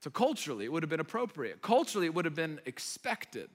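A man's voice: on the high side, quick pace. A man in his thirties preaching a sermon, telling stories and acting out the voices of the people in them. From United States. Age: 30s. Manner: animated storyteller, acting out voices. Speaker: pastor. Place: large church hall. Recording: echoey hall.

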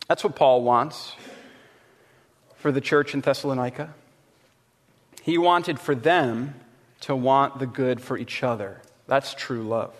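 A man in his thirties, a pastor preaching a sermon, earnest and repeating phrases for emphasis, sometimes telling a family story. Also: medium pitch. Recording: hall reverb with faint room ambience.

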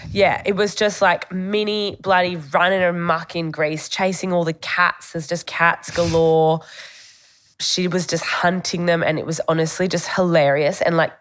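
A woman's voice: on the low side, steady tone, a little slow. A young Australian woman telling stories as a podcast co-host, chatty, with lots of "like" and casual swearing. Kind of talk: casual chat.

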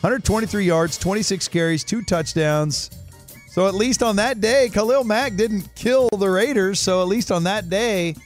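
A man's voice: high-pitched, moderate pace, faint music behind. A man hosting sports talk radio, chatting loosely and joking with co-hosts. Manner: animated, loose, jokey. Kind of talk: casual sports radio banter.

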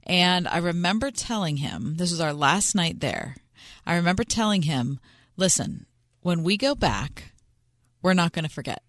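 A woman's voice: fairly low pitch, lively intonation, normal speed, a bit bright, dry recording. A woman co-hosting a radio talk show from the studio, speaking sincerely and reflectively to her listeners. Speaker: radio co-host.

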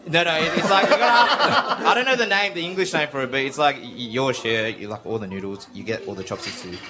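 A man who just won a contest, chatting in a relaxed, halting way on live radio. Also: mid-range voice. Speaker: contest winner. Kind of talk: casual on-air chat. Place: crowded restaurant. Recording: crowd noise, off mic.

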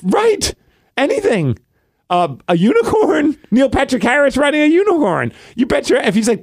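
A man co-hosting a podcast, telling a story in casual chat and acting out quoted lines in a hushed voice. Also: very high-pitched, huge pitch swings, moderate pace, dry recording, studio quality. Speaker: podcast co-host.

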